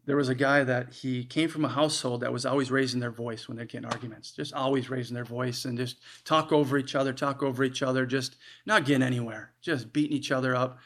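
A male preacher delivers a sermon in a relaxed, conversational way. His pitch sits in a mid range, and he often stops and restarts his phrases. He talks with an earnest, personal tone.

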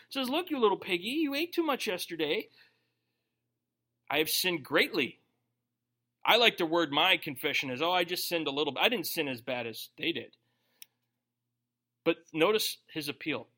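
A male pastor with a high, bright voice preaches a sermon in a casual, conversational way. He jokes with the congregation and slips into quick little voices for the people he quotes.

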